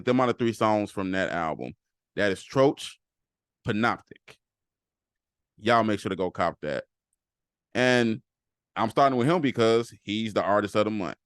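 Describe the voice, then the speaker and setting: A man's voice: fairly low pitch, clean tone, dry recording, studio quality. A man hosting a casual solo podcast, talking loosely and repeating phrases for emphasis. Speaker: podcast host.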